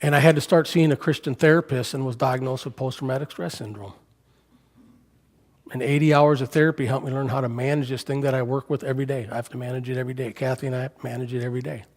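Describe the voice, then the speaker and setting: A man's voice: mid-range voice, fairly even intonation, fast. An older man preaching a storytelling sermon, speaking conversationally and asking the congregation questions, recorded in a church sanctuary. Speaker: guest preacher. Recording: reverberant church hall.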